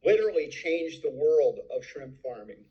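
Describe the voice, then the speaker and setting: A man's voice: on the high side, big pitch swings, normal speed, highs cut off. An older man presenting his entrepreneur story, telling it eagerly and acting out the dialogue he quotes. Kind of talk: recorded slide presentation.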